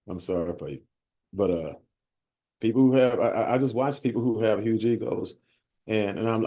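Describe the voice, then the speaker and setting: A man with a somewhat low, warm and mellow voice delivers a blunt motivational sales talk to a live group. He speaks in a streetwise, repetitive way, stumbling over his words and tagging his points with "right?". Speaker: sales team leader speaking at a bootcamp.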